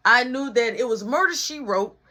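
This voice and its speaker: Man, animated comic storyteller, bright voice, does all the characters. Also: very high voice, moderate pace. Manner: animated, acts out every voice. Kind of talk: comedic storytime.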